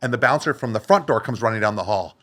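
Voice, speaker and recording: A man guest on a studio podcast, telling a story in a casual, animated way, swearing and acting out what others said. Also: lowish voice, fast talker.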